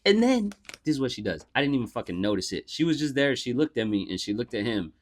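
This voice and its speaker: A young man co-hosting a podcast tells a foul-mouthed story with lively energy, performing the voices of its characters. He speaks quickly in a mid-range voice.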